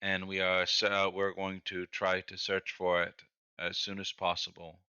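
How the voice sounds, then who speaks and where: Man player, low voice, bright and smooth, slightly muffled chat audio. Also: monotone, a little slow, no echo. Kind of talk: casual tabletop game chat.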